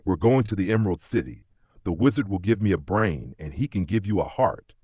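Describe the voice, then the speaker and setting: A man playing a cheerful storybook scarecrow, a curious and eager male figure who rushes his words a little. The deep voice rises slightly for him, with lively pitch and a dry, close sound. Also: breathy edge, dry recording. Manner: eager and quick.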